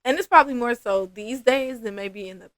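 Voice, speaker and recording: A woman's voice: on the high side, brisk, dry recording. A woman, a massage therapist guest chatting casually on a podcast and acting out her clients' lines.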